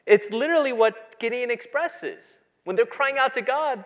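A pastor preaching a sermon, moving between quiet, low asides and loud, emphatic passages. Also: male voice, lively intonation, moderate pace, few pauses, dull audio.

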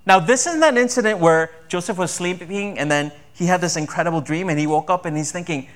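A man's voice: high voice, lively intonation, fairly quick, fairly bright tone. A man preaching a sermon in a conversational style, often asking his listeners rhetorical questions. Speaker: pastor.

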